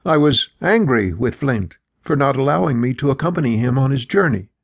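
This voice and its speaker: A man voicing a young female winged bird-folk warrior, pitching his husky voice up into raised, urgent speech. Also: animated, a little fast, dry recording. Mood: sheepish.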